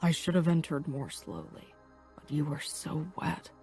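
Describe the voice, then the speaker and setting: Hushed, raspy young male lover, as a woman narrator voices him, low and intimate. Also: sing-song, measured pace, soft background music, heavily acted. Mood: hushed, intense. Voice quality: rough, raspy murmur. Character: young adult man, rough-voiced, intense and possessive lover.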